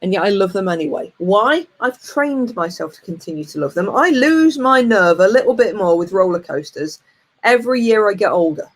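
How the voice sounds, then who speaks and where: A woman in her forties, a coach giving a lively, plain-spoken motivational talk and telling a frank personal story. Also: medium pitch, normal speed. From United Kingdom. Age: 40s.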